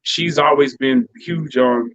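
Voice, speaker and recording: A man's voice: mid-range voice, slow pace, gravelly, dry recording. A male DJ and producer from Chicago, chatting in a casual interview and acting out the voices of the people in his stories. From Chicago, United States. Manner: animated, acts out quoted voices. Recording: dry, dull lo-fi sound.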